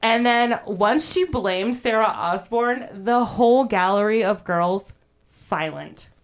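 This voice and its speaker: A woman's voice: fairly high pitch, expressive, slow. A young woman hosting a podcast, chatting casually and profanely about history, laughing often and acting out what people said. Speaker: podcast host. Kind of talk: casual true-crime history chat.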